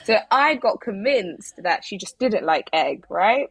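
Husky lady telling a story on a podcast, acts out all the voices, dry sound. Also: mid-range voice, a little slow, no echo. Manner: animated storyteller, acts out quotes. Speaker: podcast co-host. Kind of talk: casual chat.

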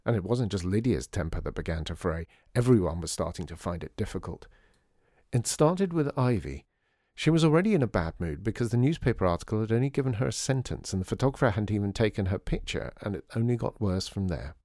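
A man narrating his own children's storybook with an even, expressive reading. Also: fairly low pitch, fairly quick, no room sound, studio quality. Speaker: author and narrator.

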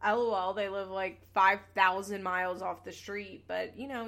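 A woman's voice: medium pitch, animated, a little fast, vocal fry, fairly bright tone. A young woman in her twenties talks through a reality show in a loose, chatty way. She drops sarcastic asides and swears casually, and her voice sits in an ordinary middle range. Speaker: podcast host recapping a reality show. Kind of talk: casual chat.

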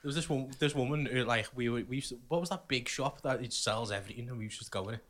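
A man co-hosting a casual podcast, teasing his friends and quick to crack jokes. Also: medium pitch, a bit bright. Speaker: podcast co-host.

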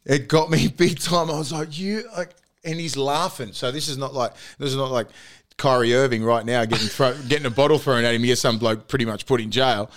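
A man's voice: medium pitch, fairly quick. A man with an Australian accent, a podcast host, telling a story over casual chat in a studio, swearing and laughing as he goes. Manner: laughing, profane, animated storyteller. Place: recording studio.

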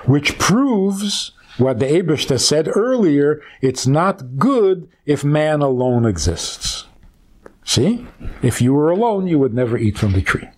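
A man, a rabbi, retelling a scripture story as a teaching, conversational and animated, asking rhetorical questions. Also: on the high side, slow pace.

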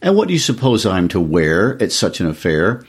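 Played by a man reading a story aloud, a petulant, discontented young wife snaps her lines in a low, husky voice with a lively lilt. She sounds impatient and aggrieved. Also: moderate pace, full character voice.

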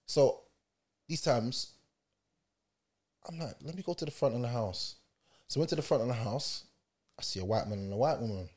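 A man's voice: medium pitch, normal speed, pauses often, a little mellow. A man in a casual podcast chat, telling stories in street slang and acting out the scenes.

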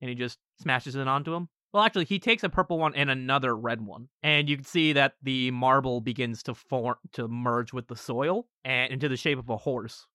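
A man's voice: mid-range voice, brisk, few pauses, bright, forceful tone, clear, resonant tone, no echo, clean studio sound. A man narrating a tabletop role-playing game as game master, casual, with frequent laughter and fillers.

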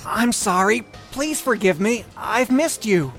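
A man voicing an apologetic teenage boy in an animated story, pleading and excitable. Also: a little slow, faint music behind. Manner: pleading, high and lively. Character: teen boy, apologetic TikTok star.

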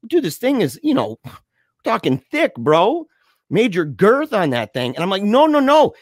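A fairly high-voiced man spins a story in loose, slangy banter, laughing as he goes. The sound is close and dry, with no room around it. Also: normal speed, dry recording. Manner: animated, slangy, laughs a lot, says "dude". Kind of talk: casual chat, storytelling.

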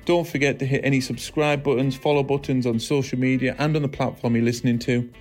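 A man's voice: mid-range voice, steady tone, quick pace, darkish tone, soft background music. A man in his forties with a British accent, hosting a podcast in casual chat with dry, teasing banter. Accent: British English. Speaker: podcast host.

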